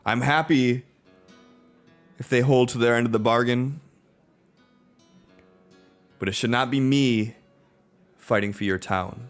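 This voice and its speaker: A man's voice: mid-range voice, takes it slowly, pauses often, soft background music, lightly acted. A man voicing a confident, stern knight who speaks in a formal, commanding way. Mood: lecturing.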